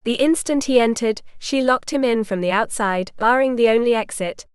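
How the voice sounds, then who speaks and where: A woman narrating an audiobook with a measured, even reading. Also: a little high, smooth, dry recording, studio quality. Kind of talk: scripted narration.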